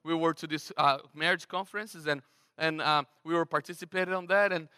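Brazilian-accented male pastor, high, crisp voice, chatty animated sermon, long hall reverb. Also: brisk. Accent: Brazilian Portuguese. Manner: conversational, animated preaching with frequent restarts.

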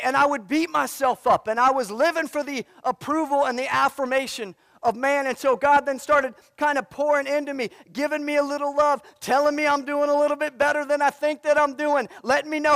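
A man's voice: extremely high pitch, fairly even intonation, a little fast, few pauses, a bit bright, no room sound, studio quality, big-room sound. A male pastor preaching a sermon with emphasis, coming back again and again to a refrain. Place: church sanctuary.

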